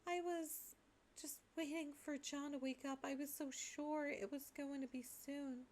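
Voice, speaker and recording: A woman's voice: high voice, fairly even intonation, a little slow, a little mellow, a little hiss or hum. A woman voicing a weepy, grieving young girl sprite who is half dog and wails boo-hoo. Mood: mournful. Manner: sobbing, wailing boo-hoos.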